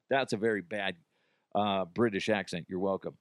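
A man hosting a casual podcast, tossing out profane jokes and laughing as he talks. His pitch swoops up and down freely, and the recording is close and dry. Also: animated, normal speed, clear, resonant tone, dry recording. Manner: joking, profane, laughs often. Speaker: podcast host.

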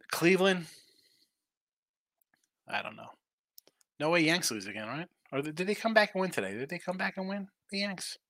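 Bright-voiced man thinking aloud on picks. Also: fairly high pitch, no echo, clean studio sound. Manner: thinks aloud, restarts, answers own questions. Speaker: sports betting show host. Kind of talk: casual live-stream betting talk.

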